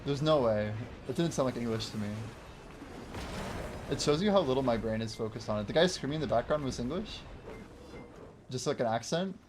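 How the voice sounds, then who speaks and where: A man's voice: mid-range voice, animated, fairly quick, long pauses. A man talks loosely while streaming a game, reading out viewer messages and laughing easily. His voice sits in a middle register. A faint hiss runs under the recording. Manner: chatty, reads and answers viewer chat, laughs often. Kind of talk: casual livestream chat while playing. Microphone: wears headphones while streaming.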